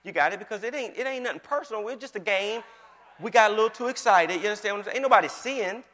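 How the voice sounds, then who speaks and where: A male pastor with a high, bright voice preaches to his congregation in an easy conversational way, speaking. He keeps checking in with his listeners, and his words ring out through a reverberant church hall. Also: fast talker. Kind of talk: conversational sermon.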